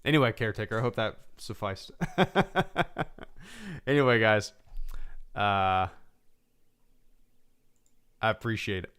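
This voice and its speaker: A man's voice: medium pitch, expressive, slow, pauses often, fairly bright tone, smooth. A man hosting a live stream, chatting casually in a rambling, laid-back way and swearing now and then. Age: adult, a father.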